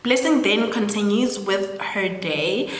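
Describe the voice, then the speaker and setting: A woman's voice: medium pitch, slow. Chatty young South African woman, echoey room. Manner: chatty, full of "like" and laughing asides. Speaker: storytelling host. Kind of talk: casual film recap. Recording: roomy echo with long reverb.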